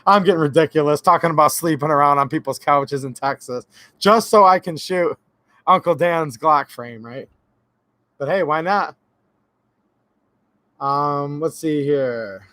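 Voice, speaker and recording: A man's voice: a little high, lively intonation, measured pace, long pauses, pushed and bright, no echo. A man hosting a casual livestream, rambling and joking as he chats with viewers and reads out their names. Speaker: gun channel livestream host.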